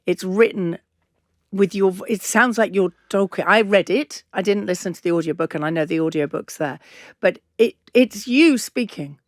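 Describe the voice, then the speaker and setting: A woman's voice: medium pitch, moderate pace, no echo, clean studio sound. An English woman in her fifties hosting an interview, effusive and emotional. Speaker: podcast host. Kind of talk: casual chat.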